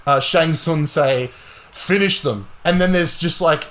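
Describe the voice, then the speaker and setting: A young man hosting a casual gaming podcast, talking excitedly and swearing a lot. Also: a little high, unhurried. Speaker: podcast host.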